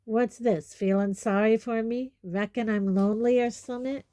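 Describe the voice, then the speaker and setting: A woman voicing a huge, gruff male gamekeeper who talks loudly and growls. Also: on the high side, steady tone, normal speed, no room sound, studio quality, natural voice. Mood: grumpy. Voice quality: loud, growling.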